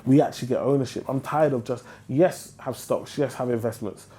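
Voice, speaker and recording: British man, podcast guest, rapid slangy delivery, warm low tone. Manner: animated, slangy, emphatic. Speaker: interviewee, investor. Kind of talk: casual podcast conversation.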